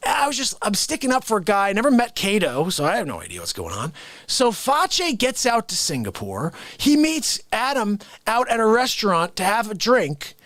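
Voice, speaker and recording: Male streamer host; loose, rambling comic storyteller with a very lively pitch, close dry mic. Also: normal speed, no echo. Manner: rambling, animated, self-interrupting. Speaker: livestream host.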